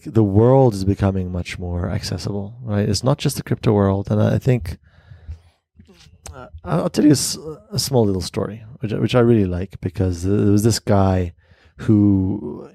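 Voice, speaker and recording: Gravelly man telling a lively story. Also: on the low side, no room sound. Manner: animated storyteller. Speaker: guest, crypto company founder. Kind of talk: casual interview chat.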